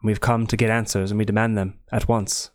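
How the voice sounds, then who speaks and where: A man playing a stern, formal gentleman. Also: on the low side, flat delivery, brisk, dry recording, clean studio sound, natural voice. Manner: formal, demanding. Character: stern adult man demanding answers.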